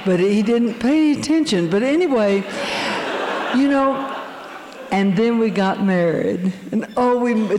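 An older woman telling her church testimony, animated and quick to laugh. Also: mid-range voice, crowd noise. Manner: animated storytelling, laughing often. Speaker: speaker giving a testimony. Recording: long hall reverb.

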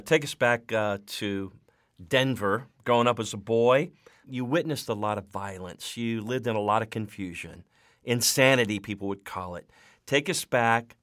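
A man hosting a Christian radio broadcast, guiding his guest with measured, leading questions. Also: fairly low pitch, a bit bright, no echo, studio quality. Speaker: radio show host.

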